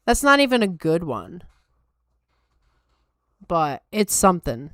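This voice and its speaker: A woman's voice: fairly low pitch, big pitch swings, takes it slowly, pauses often, fairly bright tone, dry recording, clean studio sound. A tired woman hosting a podcast, chatting casually and wryly with her viewers. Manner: wry, self-deprecating chatter. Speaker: podcast host. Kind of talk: casual chat with live chat.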